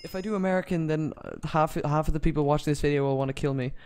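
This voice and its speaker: A man's voice: on the high side, racing, a little mellow, clean tone. A young man joking around while playing a game with friends. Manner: joking, playful. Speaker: player. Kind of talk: casual gaming chat.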